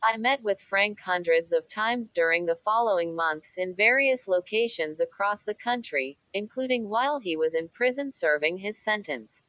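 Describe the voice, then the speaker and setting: A woman narrating a true-crime book in a measured, even reading. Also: mid-range voice, dry recording, dull audio. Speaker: audiobook narrator.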